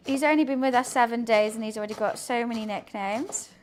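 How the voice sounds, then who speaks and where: A woman's voice: on the high side, fast talker, soft background music. A woman, streaming casual chat while she cooks at home, rambling to her viewers and her kitten. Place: home kitchen.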